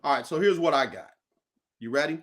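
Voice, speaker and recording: Male host, bright higher voice, playful teasing banter. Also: a little fast. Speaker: show host. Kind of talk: casual sports chat.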